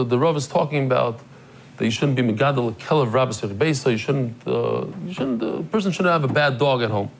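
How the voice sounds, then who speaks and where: A man hosting a daily class, telling a story in a lively, joking way and acting out the people in it, then greeting guests in the room. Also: medium pitch. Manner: animated, jokey, acts out the people in his stories. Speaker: daily Talmud class teacher and host. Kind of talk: casual storytelling to a live class.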